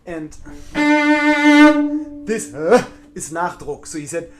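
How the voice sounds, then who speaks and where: Blunt, self-deprecating man, slightly high voice. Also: expressive, slow, pauses often, a little mellow, soft background music. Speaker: cellist answering viewer questions. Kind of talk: live online Q&A.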